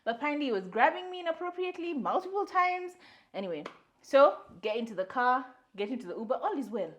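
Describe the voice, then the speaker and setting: A woman's voice: sits high, fast talker, dull audio. A young adult woman, co-hosting a podcast, telling a story in casual chat, acting out what people said and mixing in Swahili. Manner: animated storyteller, slips into Swahili, acts out quotes. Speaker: podcast co-host.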